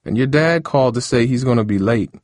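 A man voicing a tired young aunt looking after a teething baby, talking in a raised, brisk voice. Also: medium pitch, lively intonation, a little mellow, no room sound, clean studio sound, pitched above the performer's own voice, natural voice. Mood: weary. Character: weary young aunt, hair stylist, caring for baby.

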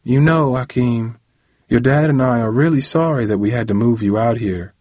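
A man voicing a tired mother apologizing gently to her teenage son. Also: medium pitch, normal speed, no room sound, studio quality, lightly acted. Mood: apologetic.

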